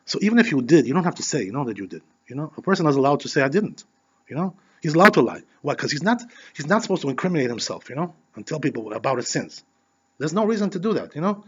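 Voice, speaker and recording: A rabbi teaches a Torah class at a rapid clip, his voice sitting a bit high for a man. He talks in a loose, animated way and keeps dropping in "you know". The recording sounds dull and lo-fi. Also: slightly rough. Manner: peppers speech with "you know"; conversational, animated storytelling.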